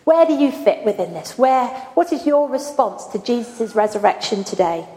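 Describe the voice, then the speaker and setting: A woman's voice: fairly high pitch, big pitch swings, moderate pace, mellow. Woman preaching in an echoey church. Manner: conversational, asks the congregation questions. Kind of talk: sermon. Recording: echoey church hall with faint ambience.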